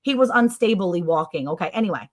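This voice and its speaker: A woman hosting a livestream, telling a story to her viewers in a chatty, sarcastic way, full of "like" and big jumps in pitch. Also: quick pace. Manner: animated, sarcastic, with wide swings in pitch; chatty, with many "like" fillers. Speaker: livestream host.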